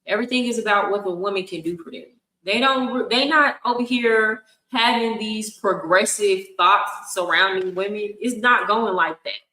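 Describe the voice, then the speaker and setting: A woman's voice: mid-range voice, normal speed, sharp tone. A woman hosting a livestream, giving frank and blunt reaction commentary with frequent laughs. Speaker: livestream host. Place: home in Colombia. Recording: echoey room.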